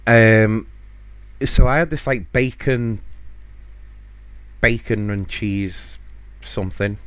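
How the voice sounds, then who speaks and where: Deep-voiced man telling stories. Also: takes it slowly, fairly bright tone, smooth, no echo. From United Kingdom. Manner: rambling and self-mocking, chuckling often. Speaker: podcast host. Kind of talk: casual solo storytelling.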